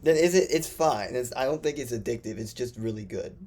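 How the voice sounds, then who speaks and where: A young man hosting a podcast, talking in a rambling, casual way full of restarts and quick asides. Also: mid-range voice, lively intonation, darkish tone. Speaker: podcast host. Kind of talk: casual chat.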